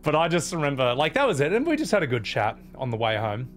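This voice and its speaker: A man in a casual vlog, telling a trip story in an animated way, swearing freely. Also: fairly high pitch, quick pace, soft background music. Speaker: vlogger.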